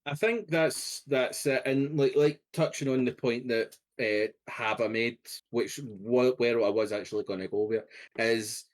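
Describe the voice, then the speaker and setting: Guy on a podcast mulling things over, lots of like and kinda, middle pitched voice. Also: steady tone, unhurried. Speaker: podcast co-host. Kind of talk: casual chat.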